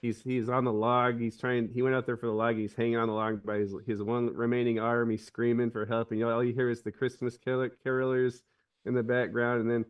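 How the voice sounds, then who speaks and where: A man rambles through a film scene in casual podcast talk, full of restarts. His voice sits at an ordinary pitch. He sounds a bit away from the microphone. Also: brisk, clear, resonant tone, distant mic, muffled recording. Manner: rambling, many restarts, animated retelling. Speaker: podcast co-host. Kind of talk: casual chat.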